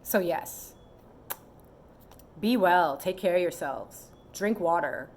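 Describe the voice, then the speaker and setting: A woman in her thirties talking casually to camera as a vlogger, animated and given to mimicking other people in quoted asides. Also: fairly low pitch, slow pace.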